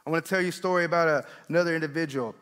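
Animated male preacher in a reverberant hall. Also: a little high, very fast, smooth. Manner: animated, repeats words when excited. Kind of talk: sermon storytelling. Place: church hall.

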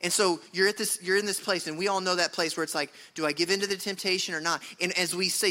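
A man's voice: sits high, steady tone, fast, few pauses, pushed and bright. A male pastor preaching a sermon to his congregation in an earnest, conversational way, often repeating phrases. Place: church sanctuary.

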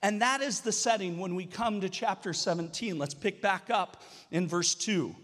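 A man in his thirties preaching a sermon, telling the story in a lively way and acting out whiny voices. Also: high voice, moderate pace, long reverb tail. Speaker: pastor.

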